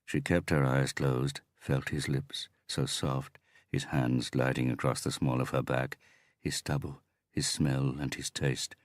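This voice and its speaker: A man narrating an audiobook in a measured, even reading. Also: a bass voice, no room sound, clean studio sound. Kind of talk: scripted narration.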